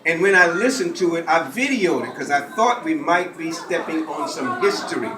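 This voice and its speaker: Middle-aged man, animated lecturer in a hall, voice bouncing off the walls. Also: a little high, normal speed, crowd noise. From Gullah Geechee coast of the US. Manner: animated, leads call-and-response. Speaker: lecturer and author. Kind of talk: lecture to a live audience. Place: college hall, indoors. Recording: echoey hall with faint ambience.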